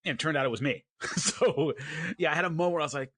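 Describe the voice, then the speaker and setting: A man co-hosting a casual sports podcast, telling stories with lively acted-out quotes. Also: fairly high pitch, fast talker, no echo, studio quality. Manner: animated storyteller, acts out quotes. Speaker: podcast co-host and MMA commentator.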